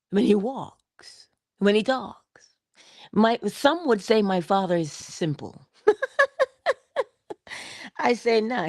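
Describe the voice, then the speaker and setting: A middle-aged woman from Barbados, telling an inspirational story in an expressive way with drawn-out emphasis. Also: mid-range voice, no room sound, studio quality. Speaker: inspirational vlogger. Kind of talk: storytelling motivational talk.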